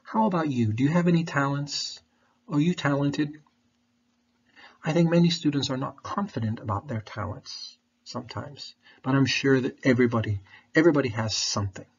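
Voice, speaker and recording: A male English teacher talks through a lesson in a patient, repeating way, sucking on a throat candy as he speaks. His voice is husky. The recording sounds dull and lo-fi. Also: mid-range voice. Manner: patient, repeats questions and explains slowly.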